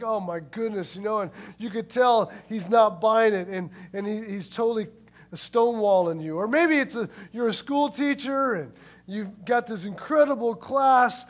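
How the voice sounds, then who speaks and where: A man pastor giving church announcements and a sermon in a casual, folksy storytelling way. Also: extremely high pitch. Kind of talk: sermon with announcements and a told joke.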